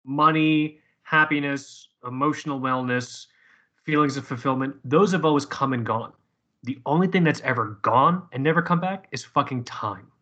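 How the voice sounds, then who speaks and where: Man, bright forceful voice, casual storytelling, swears a lot, rambling. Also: medium pitch, moderate pace. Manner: profane, rambling, many restarts.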